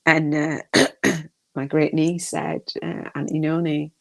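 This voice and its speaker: A woman's voice: deep voice, little pitch movement, takes it slowly, gravelly. A middle-aged woman hosting a spiritual podcast, talking casually in a rambling, emotional way with many restarts. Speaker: podcast host.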